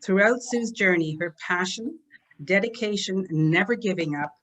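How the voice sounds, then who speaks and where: A woman co-hosting an online business presentation, introducing a guest warmly and getting emotional, over a video call. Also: mid-range voice, normal speed, low-quality recording. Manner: warm and emotional, chokes up.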